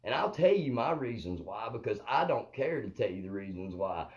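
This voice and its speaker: A rambling, profane male comedian hosts a live stream, often asking "you know what I mean." His voice is lowish and very animated, at normal speed. It's a low-quality recording from a phone or webcam.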